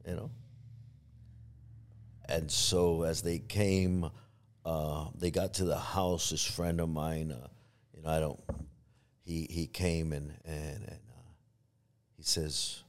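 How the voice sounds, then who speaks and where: Very deep-voiced man telling his story. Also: level tone, slow pace, pauses often. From Los Angeles area. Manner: storytelling, acts out quoted voices, many restarts. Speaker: pastor. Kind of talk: personal testimony in a podcast interview.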